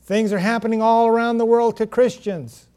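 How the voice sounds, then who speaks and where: A man preaching a sermon, reading scripture and stressing key words with pauses. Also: very high-pitched, fairly even intonation, mellow, smooth. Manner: slow, emphatic preaching with pauses and self-corrections.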